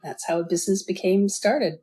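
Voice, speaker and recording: A woman's voice: medium pitch, brisk, mellow, husky. A middle-aged woman, a guest in an interview, earnestly telling her story and acting out quoted voices. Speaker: guest, business founder.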